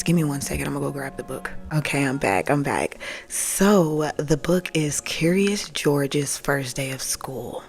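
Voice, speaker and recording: A woman hosting a podcast, telling an emotional personal story to listeners she calls family, swearing freely and often dropping to a whisper. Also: low-pitched. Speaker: podcast host. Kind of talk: casual storytelling monologue.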